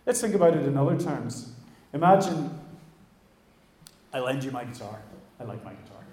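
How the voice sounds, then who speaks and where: A man's voice: mid-range voice, expressive, normal speed, mellow. A man preaching a sermon, talking conversationally and addressing his congregation directly in a church hall. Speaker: pastor.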